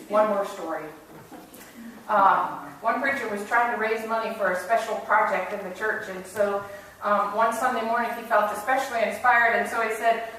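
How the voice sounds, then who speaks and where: A woman's voice: medium pitch, moderate pace, a bit bright, recorded from a distance, slight background noise. Woman pastor preaching in an echoey church. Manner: conversational, earnest storytelling. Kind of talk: sermon. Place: church sanctuary.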